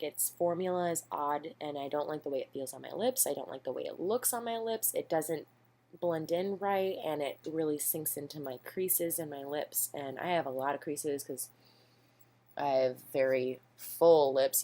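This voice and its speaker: Low-pitched young woman, casual beauty vlogger, chatty and self-deprecating, recorded at home on a camera mic. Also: a little mellow. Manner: rambling, chatty, self-deprecating, lots of ums. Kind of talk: casual makeup haul chat. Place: home, indoors.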